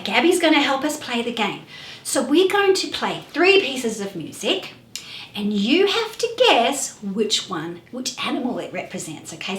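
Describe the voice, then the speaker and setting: A woman's voice: on the high side, roomy sound. A woman hosting a children's music class, asking playful questions in a sing-song way.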